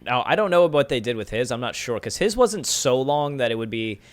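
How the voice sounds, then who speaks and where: Excitable, cursing man in casual chat. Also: medium pitch, brisk. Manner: excitable, swears, says dude a lot. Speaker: podcast co-host.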